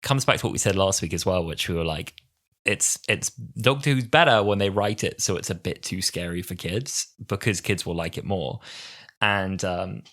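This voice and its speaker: A man in his twenties co-hosting a podcast in casual chat, animated and acting out quoted lines. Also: low-pitched, moderate pace. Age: 20s. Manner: animated, acts out quoted lines in put-on voices. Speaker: podcast co-host.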